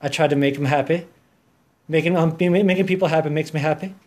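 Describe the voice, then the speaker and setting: A man's voice: a little high, steady tone, fast, darkish tone. A man hosting his own podcast, chatting alone in a hyper, goofy, rambling way. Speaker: podcast host. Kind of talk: casual solo podcast chat.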